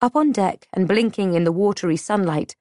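A woman reads a first-person story with measured, dramatic pacing. Her voice sits at a middling pitch. The recording is close and dry. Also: warm tone, dry recording. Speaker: audiobook narrator. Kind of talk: scripted first-person narration.

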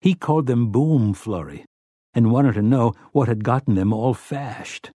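A man narrating a novel aloud in a steady, brisk storytelling manner. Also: medium pitch, no room sound. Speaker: audiobook narrator.

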